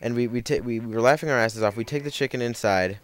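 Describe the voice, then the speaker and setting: A young adult man commentating on gameplay tells a rambling story, full of fillers and self-corrections. His voice is medium in pitch and he talks quickly.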